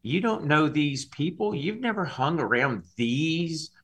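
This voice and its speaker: A man's voice: fairly high pitch, expressive, a little slow, fairly bright tone, breathy edge, pitched above the performer's own voice, heavily acted. A man putting on the voice of a taunting male devil who whispers doubts from his shoulder. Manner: needling, mocking questions.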